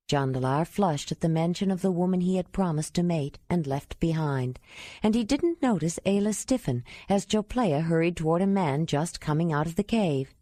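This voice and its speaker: A woman narrating an audiobook with a steady reading. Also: lowish voice, moderate pace, no echo, studio quality.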